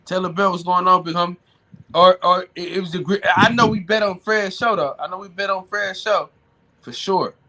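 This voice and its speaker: Bright-voiced man in loose banter. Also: high voice, steady tone, normal speed. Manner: loose, joking banter, repeats himself. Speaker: podcast co-host. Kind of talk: casual live-stream chat.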